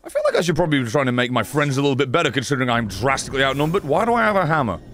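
Excitable man streaming a game. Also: mid-range voice, racing. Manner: sarcastic, excitable, swears. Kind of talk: live gameplay commentary.

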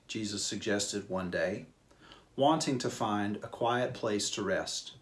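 A man leading a church service, announcing a hymn and reading a children's Bible story in a slow, gentle storytelling manner. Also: fairly low pitch.

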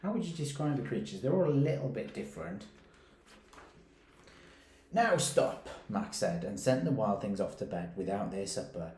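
A man, a primary school teacher reading a picture book aloud and stopping to ask his pupils gentle questions. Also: lowish voice, animated. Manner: gentle, questioning, reads slowly and pauses to ask. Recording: roomy echoey recording.

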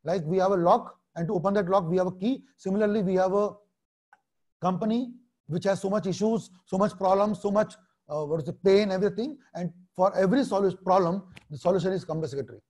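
A man's voice: sits high, fast talker, a little mellow. A man in his thirties with an Indian English accent, teaching an online exam-prep lecture in a blunt, repetitive way and mixing in Hindi phrases.

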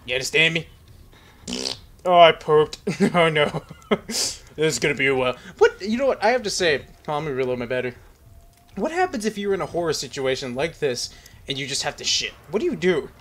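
Fast and very animated, a young man with a high, slightly bright voice gives rambling, casual horror-game commentary into his headset. This gaming commentator is jittery and jokey, speaking to the on-screen characters.

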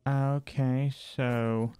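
Slow, smooth-voiced man playing horror games. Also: medium pitch, level tone, mellow, dry recording. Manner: talks to himself, jumpy and wry while exploring. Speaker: gaming channel host. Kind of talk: horror game let's play commentary.

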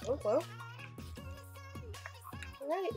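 A young adult woman vlogging a snack box unboxing, gushing with excitable exclamations as she tastes each treat. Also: high-pitched, very slow, music in the background. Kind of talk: casual unboxing chat.

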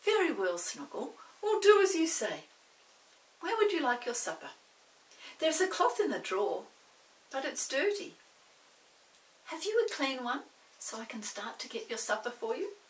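A woman's voice: sits high, sing-song, moderate pace, pauses often, roomy sound, far from the mic, voice pushed up. An older woman voicing a sensible, polite little girl in a storybook reading. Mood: coaxing. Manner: polite and urgent.

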